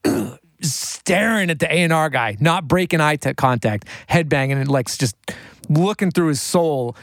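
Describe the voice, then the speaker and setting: A man's voice: a little high, normal speed, no echo. A man who works as a recording engineer tells casual studio stories, full of "like" and acting out the people in them. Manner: animated, full of "like", acts out the voices in his stories. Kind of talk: casual storytelling.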